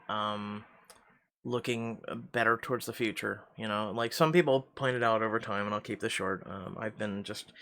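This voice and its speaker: A man's voice: medium pitch, creaky, fairly bright tone, smooth. A man who reads story games aloud and then talks casually, hesitant and full of fillers when off script. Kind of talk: story narration and casual outro chat.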